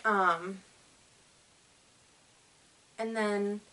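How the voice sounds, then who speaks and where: A woman's voice: mid-range voice, steady tone, very slow, pushed and bright, recorded from a distance. A woman hosting a casual knitting vlog, chatty and enthusiastic but tired and yawning, rambling with many fillers. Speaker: knitting podcast host.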